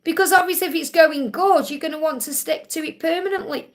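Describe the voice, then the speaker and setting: High-voiced woman giving live spiritual readings. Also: fairly quick. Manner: reassuring, repeats key points, calls viewers honey. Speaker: spiritual reader hosting a live Q&A.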